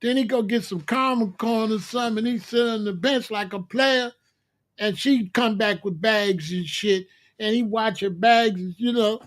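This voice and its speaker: A man with a notably high speaking voice rants comically as the host of his own show. He talks in loud, slangy street talk, mocking and swearing freely as he lectures. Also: moderate pace. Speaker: commentary host. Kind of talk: comedic rant.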